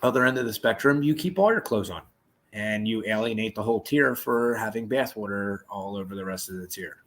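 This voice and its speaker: A man co-hosting a podcast, telling a story in a casual, profane, animated way and acting out the people he quotes. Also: on the low side, a little fast. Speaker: podcast co-host.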